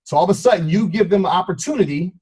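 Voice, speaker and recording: A man's voice: sits high, racing, darkish tone, husky. A man giving a motivational team talk, telling a story and acting out short voices and cat meows. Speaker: motivational speaker.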